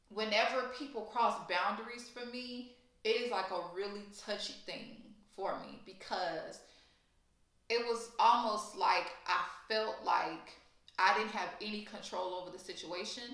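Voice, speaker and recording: A young woman from Louisiana with a Louisiana accent, telling a profane, animated storytime vlog. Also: medium pitch, heavy reverb. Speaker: storytime vlogger.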